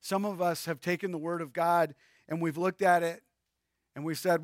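A man's voice: on the high side, steady tone, moderate pace, no echo, clean studio sound. A male pastor preaching a sermon with emphasis and addressing his listeners directly.

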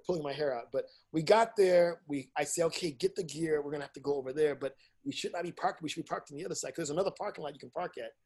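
A middle-aged man, an independent filmmaker and teacher, telling stories in a casual interview, animated and blunt, swearing freely and acting out what people said. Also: a little high, breathy edge.

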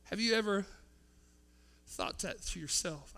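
A male pastor, preaching a sermon that swings between loud passages and hushed ones. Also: extremely high pitch, big pitch swings, takes it slowly, long pauses.

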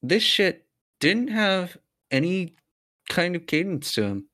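A man's voice: fairly high pitch, animated, measured pace, a bit bright. A man hosting a podcast who reads a horror story aloud in a casual, profane way and breaks off to chat. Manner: profane, breaks off into side chatter. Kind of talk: casual story reading with banter.

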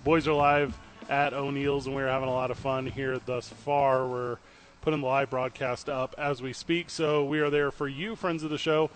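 A man co-hosting an afternoon sports radio show, broadcasting live from a pub. He talks in an upbeat, joking way, rattling through the guest rundown. His voice sits at an ordinary middle pitch. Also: little pitch movement, moderate pace, soft background music. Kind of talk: casual sports radio banter.

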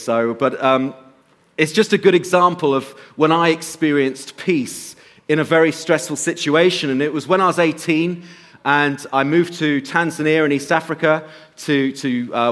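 A man giving a sermon and telling a personal story, slowing to soft emphasis at times and lifting his voice at others. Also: fairly high pitch. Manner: storytelling, shifts between soft slow emphasis and raised bursts. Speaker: pastor.

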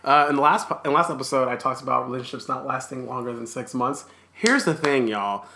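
A man's voice: mid-range voice, fairly quick, gravelly, pushed and bright, slight background noise. Candid laughing man co-hosting a podcast. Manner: candid, joking, laughs often. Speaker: podcast co-host. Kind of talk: casual podcast chat.

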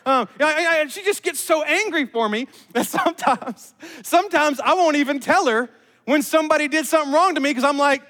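A man's voice: very high-pitched, lively intonation, a little fast, bright, forceful tone, in a large hall. A male pastor giving a conversational sermon, emphatic and repeating his key phrases with chatty asides.

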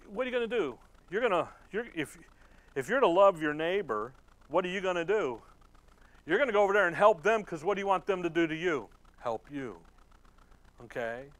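A man preaching a Bible-study sermon in a conversational, folksy way, laughing often and reading scripture slowly and deliberately. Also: high voice, dry recording. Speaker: pastor.

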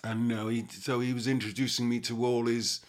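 A man's voice: mid-range voice, flat delivery, a little fast. A man in his sixties with a Liverpool Scouse accent, reminiscing in a rambling, casual way as an interview guest. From Liverpool, England. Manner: rambling, peppered with "you know what I mean". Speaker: actor guest.

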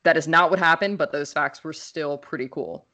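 A woman's voice: low voice, moderate pace, bright, forceful tone. A young adult woman co-hosting a podcast, joking around and slipping into playful announcer-style bits. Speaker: podcast co-host. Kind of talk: casual podcast chat.

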